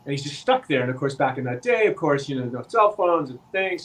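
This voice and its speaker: Here a guest actor on a podcast relates a long tale in easygoing chat, vividly acting out what people said. His voice leans high and brisk, and the recording is rough.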